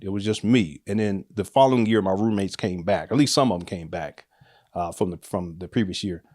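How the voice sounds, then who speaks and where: A middle-aged man casually telling a personal story, animated, laughing often and acting out what people said. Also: deep voice, a little fast, no room sound, clean studio sound. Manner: animated, laughs often, acts out quotes with raised voice.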